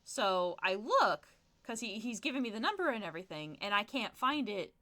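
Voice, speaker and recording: A young adult woman streamer chatting casually while gaming, telling animated stories full of fillers and laughter. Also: mid-range voice, moderate pace.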